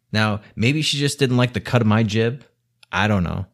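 A man's voice: lowish voice, normal speed. A man delivering an exasperated, scolding rant to the camera, swearing heavily. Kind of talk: angry rant monologue.

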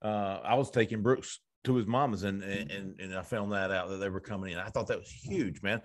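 A man's voice: fairly low pitch, a little fast. A man hosting a casual sports recruiting chat, telling stories with lots of stammered restarts. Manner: stammering restarts, animated storytelling. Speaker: podcast host.

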